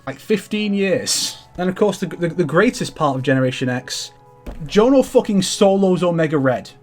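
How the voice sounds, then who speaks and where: Soft music plays behind this animated young man, whose voice sits high and moves at a normal pace. As a comics vlogger giving a rambling show-and-tell of his collection, he's excited and profane, often restarting his sentences.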